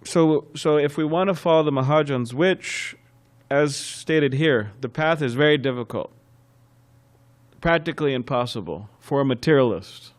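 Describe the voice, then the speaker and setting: A man giving a scriptural class as a sermon, telling anecdotes in a lively way, chuckling and often restarting phrases. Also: fairly high pitch, normal speed. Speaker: temple class speaker. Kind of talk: sermon with storytelling.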